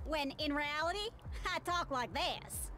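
A woman's voice: high voice, expressive, slow pace, a bit bright, faint music behind, exaggerated voice. An actress playing a brash, glamorous female TV news reporter who calls people sugar and honey. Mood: chatty. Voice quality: flirty, brassy, calls others sugar and honey.

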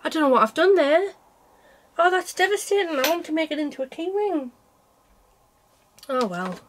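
A woman with a bright, high speaking voice chats to camera about her cross-stitch work. She teases herself and laughs often, and she is getting over a cold. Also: expressive, normal speed, slight background noise. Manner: chatty and self-mocking, laughs often. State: unwell with a cold. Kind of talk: casual chat to camera.

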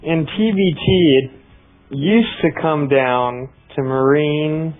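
A man's voice: a little high, slow pace. Dry-joking male co-caster, tinny line. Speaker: esports co-caster. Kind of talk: casual live game commentary. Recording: tinny phone-like stream audio.

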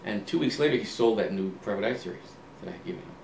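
A man in his sixties, an author being interviewed, telling relaxed anecdotes and acting out old conversations, with frequent ums and restarts. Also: on the low side, fast talker, vocal fry. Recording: roomy, distant mic, faint ambient hum.

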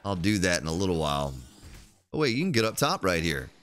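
A man's voice: deep voice, very animated, fast, a bit bright. Chatty male game streamer. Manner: chatty, thinks aloud while playing. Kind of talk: casual gameplay commentary.

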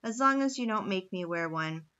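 A man's voice: high voice, animated, normal speed, bright, forceful tone, muffled recording. A woman voicing a jovial, easygoing miner with folksy talk. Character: jovial hungry mustached miner man.

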